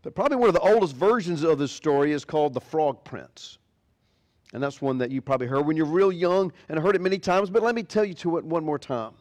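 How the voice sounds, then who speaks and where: A man's voice: on the high side, expressive, quick pace, a little mellow. A man preaching a sermon as pastor, animatedly retelling a fairy tale. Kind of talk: sermon storytelling.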